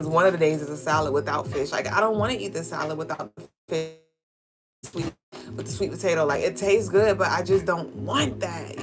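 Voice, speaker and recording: Slangy young woman chatting on a livestream. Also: fairly low pitch. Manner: slangy, candid, laughs often, swears casually. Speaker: livestream co-host. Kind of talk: casual live-stream chat reading comments. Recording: music playing clearly behind.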